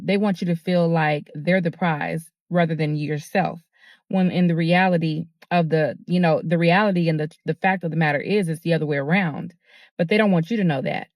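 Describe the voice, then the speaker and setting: A woman hosts a motivational talk in a fairly low voice. She talks earnestly and repeats her points, with plenty of fillers. Her voice is recorded close and dry. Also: a little mellow, dry recording. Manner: earnest and repetitive, with many fillers. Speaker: host.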